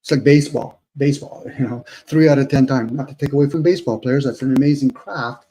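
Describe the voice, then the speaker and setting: A man's voice: mid-range voice, fast, warm tone, poor audio. A man who is a guest on a live online panel, talking in a rambling, reflective way full of rhetorical questions. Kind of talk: casual live panel chat.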